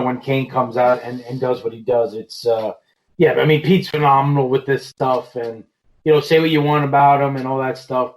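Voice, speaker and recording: A man guesting on a podcast, chatting about wrestling in a relaxed way with lots of fillers. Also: mid-range voice, poor audio. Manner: relaxed, heavy on "you know" fillers. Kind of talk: casual wrestling podcast chat.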